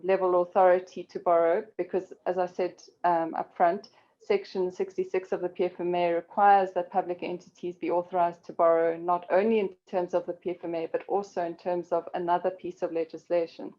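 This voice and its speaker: A woman presenting a legal webinar, explaining carefully in a measured way with frequent pauses and "um"s. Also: fairly low pitch, mellow, muffled recording. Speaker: corporate law expert presenting.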